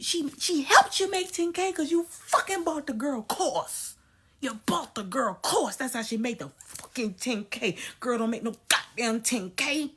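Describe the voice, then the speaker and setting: A woman ranting bluntly to her viewers, cursing a lot and swinging from low mutters to loud outbursts. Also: expressive, unhurried. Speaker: vlogger. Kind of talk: profane rant to camera.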